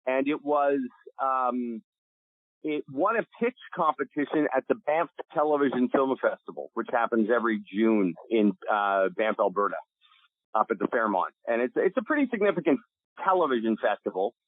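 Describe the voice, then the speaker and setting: A middle-aged man from Canada telling stories as a podcast guest, animated and casual, restarting sentences and swearing freely. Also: mid-range voice, normal speed, no room sound. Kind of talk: storytelling interview. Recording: dry, tinny phone-like sound.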